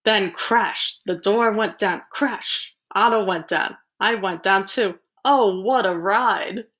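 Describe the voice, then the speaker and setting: A woman librarian reads a picture book aloud at a middling pitch. She is animated and breaks in with playful asides between pages. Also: slow. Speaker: children's librarian. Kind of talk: storybook read-aloud.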